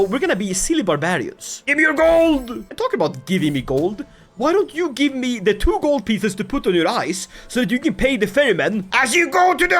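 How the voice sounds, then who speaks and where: A game commentator giving comedic strategy game commentary, full of sarcastic asides and laughs. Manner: lively, swinging pitch with mock-dramatic outbursts.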